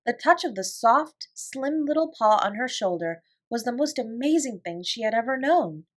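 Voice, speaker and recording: A woman reads a classic children's novel aloud as a bedtime story. Her voice is slightly high and very lively, rising and falling expressively through the narration. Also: normal speed. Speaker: audiobook reader.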